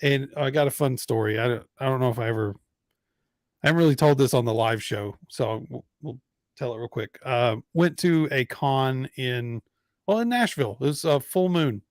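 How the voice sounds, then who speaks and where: Man telling a lively convention story. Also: mid-range voice, moderate pace, no echo, clean studio sound. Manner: animated storyteller acting out quotes. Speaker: podcast host. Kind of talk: casual storytelling chat.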